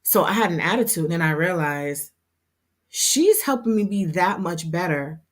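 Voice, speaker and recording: A woman on a casual livestream talking to her members, chatty and quick to laugh, with plenty of fillers and restarts. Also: lowish voice, expressive. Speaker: hair business owner and instructor.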